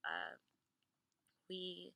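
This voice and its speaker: Chatty young woman with a bright voice. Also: lowish voice, big pitch swings, drawn-out words, creaky, no room sound. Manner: chatty with many fillers, laughs often. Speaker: flight attendant vlogger. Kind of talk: casual storytelling.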